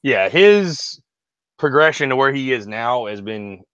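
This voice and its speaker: A man hosting a sports podcast in halting, easygoing chat, often restarting his sentences. His voice is bright and forceful. The sound is a little dull and lo-fi, but dry. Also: medium pitch, lively intonation, smooth, no echo. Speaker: podcast host.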